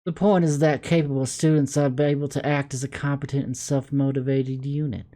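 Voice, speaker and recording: A man with a Southern accent voicing a stern, formal male school official who speaks in a measured, composed way. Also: medium pitch, level tone, warm tone, pitched above the performer's own voice, lightly acted. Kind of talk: video game dialogue reading.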